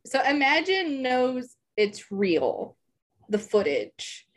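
A woman co-hosting a relaxed book discussion, unhurried in her pace. She explains the plot conversationally, dropping in "like" as she goes. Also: high-pitched. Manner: conversational, uses "like" and laughs easily. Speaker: podcast co-host.

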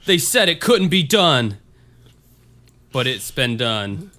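A man's voice: mid-range voice, sing-song, slow pace, pushed and bright. A man hosting a podcast in a joking, rambling, self-mocking way. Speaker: podcast host. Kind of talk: casual podcast chat.

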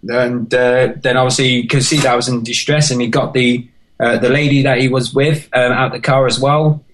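British guy opening up about his past, halting and earnest, voice sits mid pitch. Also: fairly even intonation, a bit bright, a little hiss or hum, rough recording. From United Kingdom. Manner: earnest, halting, emotional storytelling. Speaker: podcast guest, marathon runner. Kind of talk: personal life story in an interview.

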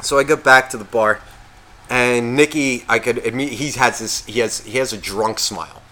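Speaking at normal speed in a mid-range voice, this man co-hosts a podcast and spins a long, casual story. It's profane throughout, and he animates it by performing everyone's quoted lines.

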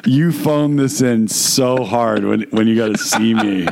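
Gravelly guy joking around, profane, does goofy voices mid-chat. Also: medium pitch, a little slow, background noise. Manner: jokey, profane, slips into silly voices. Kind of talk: casual banter.

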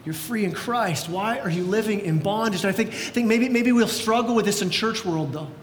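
A middle-aged male pastor preaching a sermon, energetic, often repeating words as he goes. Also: moderate pace. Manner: energetic, repeats words, acts out quoted voices. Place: large church sanctuary. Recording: echoey church hall with faint rumble.

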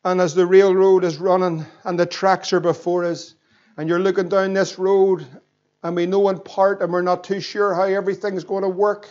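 A high-voiced Northern Irish pastor in his thirties preaches with fervent energy, pressing his listeners with emphatic questions. The recording sounds a little muffled and dull. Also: darkish tone. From Northern Ireland. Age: 30s. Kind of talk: sermon.

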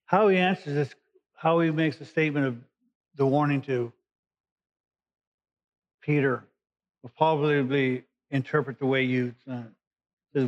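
A man's voice: medium pitch, fairly even intonation, unhurried, pauses often. A male pastor giving a conversational sermon, explaining scripture in everyday words. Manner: conversational Bible teaching, paraphrasing scripture. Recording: dull lo-fi recording.

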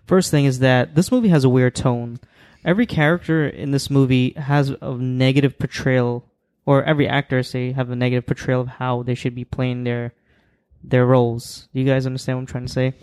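A man with a mid-range voice joins a casual movie-review chat. He speaks in a measured way and sets out his points one by one. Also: medium pitch, fairly even intonation, a little mellow, smooth, no echo. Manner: measured, lays out points in order.

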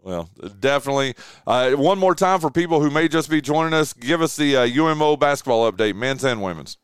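Man, radio host, dry close mic, smooth tone, enthusiastic. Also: medium pitch, animated, fairly quick, no echo. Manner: laughing, enthusiastic interjections. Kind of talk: casual radio chat.

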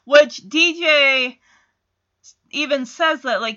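A woman's voice: high voice, expressive, slow pace, sharp tone, muffled recording. A woman chatting through a casual episode recap, with amused asides.

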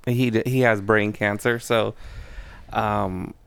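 Low, gravelly man talking haltingly. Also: steady tone, no echo. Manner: hesitant, soft-spoken, many ums. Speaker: podcast co-host. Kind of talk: casual chat.

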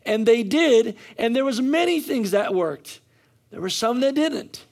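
High-voiced emphatic preaching pastor. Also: male voice, lively intonation, a little slow, a little mellow. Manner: emphatic, repetitive preaching with frequent restarts. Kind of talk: sermon.

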